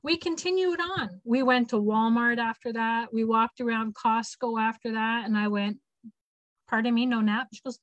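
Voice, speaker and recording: A woman's voice: fairly high pitch, normal speed, few pauses, no room sound, dull audio. A woman in her fifties hosting an online information session, telling a personal story in an earnest, heartfelt way and acting out the lines of the people she quotes. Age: 50s. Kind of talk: casual storytelling. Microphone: video call.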